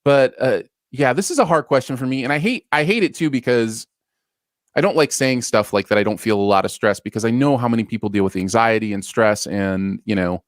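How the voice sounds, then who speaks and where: A young adult man co-hosting a casual live stream from home, talking in a relaxed, hesitant, thoughtful way. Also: medium pitch, a little fast, no echo, clean studio sound. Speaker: co-host.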